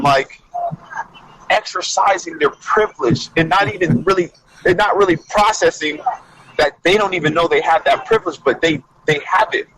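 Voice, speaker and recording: A man who is a coach, talking as a podcast guest in casual chat, telling stories in an animated way and saying "like" often. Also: a little high, slight background noise, poor audio. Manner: animated storytelling, frequent "like".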